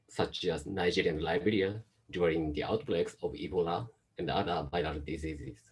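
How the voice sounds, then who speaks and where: Brief: deep, husky man, mixed Japanese-Chinese-American accent, explains carefully over a video call. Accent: Japanese, Chinese and American mix. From Japan, raised in Hong Kong. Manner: steady explaining, careful phrasing. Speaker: guest speaker, medical doctor. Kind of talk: online science talk.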